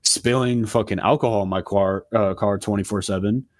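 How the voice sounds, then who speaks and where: A man in his twenties on a podcast, telling a story in an animated, profane rant and acting out what people said. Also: on the low side, moderate pace. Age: 20s. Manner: animated, profane ranting with acted-out quotes. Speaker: podcast co-host. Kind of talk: casual storytelling chat.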